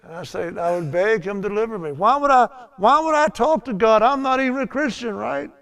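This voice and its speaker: A man's voice: high-pitched, fairly quick, gravelly, a bit bright. An older man teaching a Bible lesson in a chatty storytelling way, laughing at his own tales.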